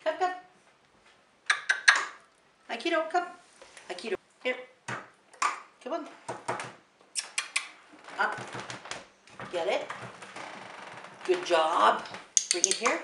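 A woman's voice: a little high, big pitch swings, extremely slow, long pauses. A woman training her puppy at home, giving short commands and sing-song praise. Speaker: dog trainer. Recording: echoey room with background noise.

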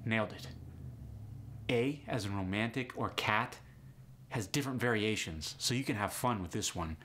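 A man's voice: lowish voice, normal speed, a bit bright, slight background noise. A man hosting an instructional accent lesson in a jokey, teasing way. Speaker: accent coach and host.

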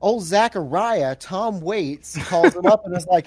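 A man co-hosting a casual beer-and-movie podcast, animated and quoting lines in put-on voices. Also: high voice, a little slow, few pauses, slightly rough, no room sound. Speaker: podcast co-host.

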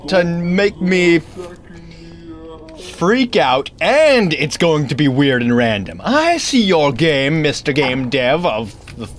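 Man, gamer commentary, unhurried, lively swooping pitch, rambling, startles easily. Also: soft background music. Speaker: let's play gamer. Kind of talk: casual game commentary.

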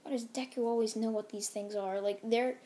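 A woman's voice: on the high side, fairly even intonation, brisk, warm tone. A woman casually narrating a fan-made story, rambling and full of fillers.

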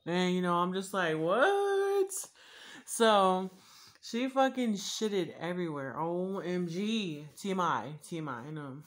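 A woman's voice: fairly low pitch, measured pace. A woman YouTuber chatting casually while eating on camera, rambling and swearing freely with lots of fillers. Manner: rambling and profane, with frequent fillers.

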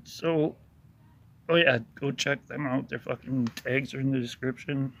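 A man's voice: mid-range voice, steady tone, unhurried, creaky, a bit bright, slight background noise. A man giving an angry, sarcastic voice-over commentary with heavy swearing, ranting about an online rival. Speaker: YouTuber narrating over a video.

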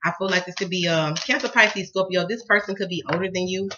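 Southern American woman, chatty tarot reader, laughing and cussing, bright edge, dull home recording. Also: on the low side, quick pace, a little hiss or hum. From Southern United States. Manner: laughs often, cusses, lively storyteller. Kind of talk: casual chatty tarot reading.

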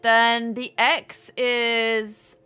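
A woman's voice: fairly high pitch, little pitch movement, very slow, sharp tone, clean tone, soft background music. A young woman giggling and thinking aloud as she plays a story game, thanking her viewers along the way. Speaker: gaming streamer. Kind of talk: let's play commentary.

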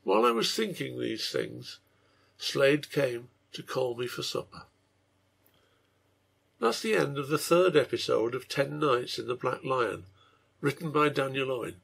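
A man reading his own translation of a serial story aloud, in a measured storytelling manner, with a gravelly, husky voice. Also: mid-range voice, animated, a bit bright. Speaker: reader and translator.

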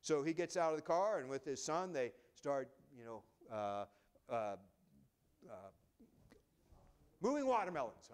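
A pastor telling a story from the pulpit, his voice sitting a little high for a man. He talks conversationally, stumbling and restarting, and sinks to a hush when the story turns tender. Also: clear, resonant tone. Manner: conversational, many restarts, drops to a hushed voice for emotional moments. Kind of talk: sermon storytelling.

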